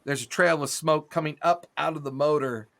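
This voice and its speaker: Bright-voiced male game master. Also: a little high, normal speed, gravelly. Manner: descriptive, cinematic narration with casual fillers. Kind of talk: narrating a tabletop game.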